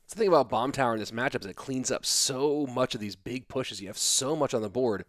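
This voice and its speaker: A man's voice: medium pitch, a little fast, dry recording, clean studio sound. A tired man in his thirties casting an esports match on a live stream, chatting casually and reading viewer comments aloud between plays. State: sleepy. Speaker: esports caster.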